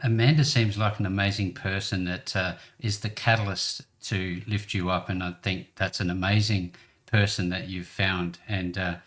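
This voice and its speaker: A man's voice: sits low, flat delivery, normal speed. A man hosting a business interview show, encouraging his guest and laughing along with him. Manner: warm, encouraging, laughs often. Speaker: host.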